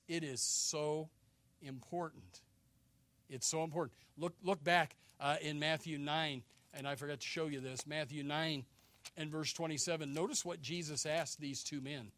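An older man preaching a sermon as pastor, folksy and joking, swinging between loud emphasis and hushed asides. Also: on the high side, no room sound.

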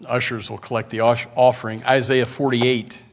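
A man preaching from the pulpit. He slows right down for scripture, then jumps into loud, emphatic bursts before dropping back to a quiet, confiding tone. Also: mid-range voice, little pitch movement. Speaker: pastor. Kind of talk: sermon.

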